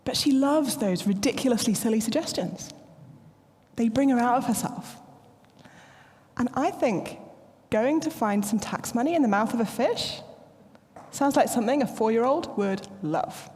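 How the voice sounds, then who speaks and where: A woman, preaching a sermon in a playful, animated storytelling manner. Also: a little high, normal speed, big-room sound. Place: church.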